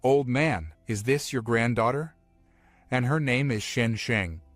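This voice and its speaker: A calm young hero who knows what is coming, firm and instructing, as a man narrating a comic recap voices him. The voice sits at an average pitch and is dry and close. Faint music runs underneath. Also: measured pace, dry recording, close to an everyday voice. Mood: serious.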